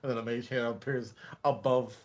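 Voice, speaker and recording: A man playing a tabletop game, describing his character's actions in a relaxed way. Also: medium pitch, normal speed, soft background music. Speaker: player.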